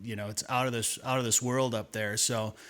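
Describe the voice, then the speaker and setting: A male outdoors radio host with a bright, forward voice. He rambles through a fishing story in casual chat, doubling back and repeating words as he goes. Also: mid-range voice, flat delivery, brisk.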